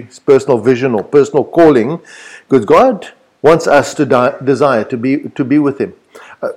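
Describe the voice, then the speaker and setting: A man preaching a sermon, reading scripture aloud and retelling it in lively paraphrase with repeated words and restarts. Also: medium pitch, rough recording. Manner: animated, repeats words, paraphrases God's voice in his own words.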